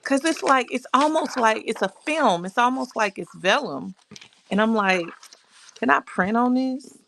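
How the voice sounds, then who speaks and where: A woman's voice: fairly high pitch, animated, unhurried, vocal fry, fairly bright tone, a little hiss or hum. A woman hosting a casual crafting livestream, greeting viewers by name, reading their comments aloud and talking herself through her work. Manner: talks to herself while working on crafts.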